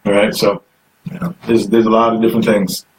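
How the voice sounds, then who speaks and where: A man's voice: on the low side, completely flat delivery, brisk. A man hosting a live call-in stream, chatty and coaxing viewers to phone in while reading comments aloud. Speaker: host. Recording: distant mic, faint noise.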